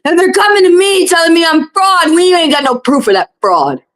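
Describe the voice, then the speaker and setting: A woman's voice: extremely high pitch, animated, brisk, fairly bright tone, poor audio. A woman tarot reader on a livestream, ranting in a heated, blunt and profane monologue.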